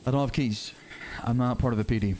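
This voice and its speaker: Man, roleplay character, heated back-and-forth, rapid insistent delivery, middle pitch. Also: steady tone, darkish tone, slight background noise. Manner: rapid, insistent, repeats words when pushed. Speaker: roleplay character in a city life game.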